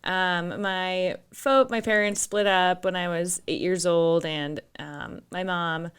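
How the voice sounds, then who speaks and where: Lower-voiced Minnesotan woman, smooth. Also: steady tone, slow pace, a bit bright. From northern Minnesota. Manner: laughing, open storyteller. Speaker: guest. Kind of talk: casual interview chat. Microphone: studio microphone.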